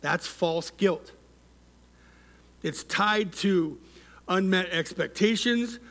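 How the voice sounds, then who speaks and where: A male pastor delivers a sermon, guiding his congregation through call-and-response while his phrases trail off softly and quietly. His voice sits high, and he speaks very slowly.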